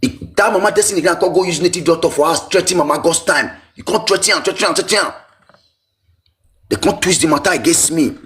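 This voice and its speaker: A man with a Nigerian Pidgin accent, telling his own life story in an emotional, repetitive way. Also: quick pace. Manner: animated, pitch swinging high and low, repetitive.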